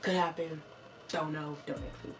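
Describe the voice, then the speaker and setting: A woman in her twenties telling a story casually and jokingly on a vlog, jumping into squeaky high voices when she quotes people. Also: flat delivery, moderate pace, slight background noise. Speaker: vlogger. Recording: far from the mic with clear background music.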